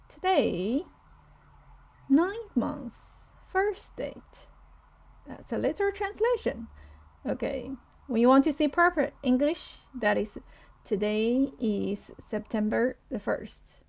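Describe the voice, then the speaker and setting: A woman's voice: on the high side, lively intonation, slow, gravelly, pauses often, darkish tone. A woman with a Chinese accent teaching a live online lesson, patiently repeating words for her learners.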